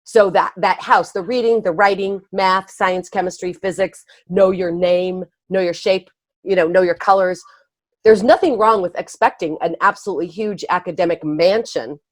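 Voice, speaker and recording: A woman guest, an early education speaker and author, explaining her ideas in a conversational interview with quick laughs and restarts. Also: fairly low pitch, fairly even intonation, dry recording.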